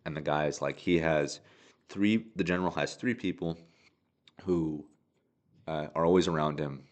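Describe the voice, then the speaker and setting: Male podcast host, very low voice, casual rambling TV recap with lots of "uh"s. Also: fairly even intonation, moderate pace. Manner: rambling, filler-heavy, with frequent restarts and chuckles. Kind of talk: casual solo recap of a TV episode.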